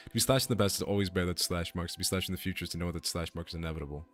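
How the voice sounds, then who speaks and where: Male streamer, lowish voice, excitable and sweary, lots of laughs and stumbling restarts. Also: racing, hardly any pauses, faint music behind. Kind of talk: casual chat on a live stream.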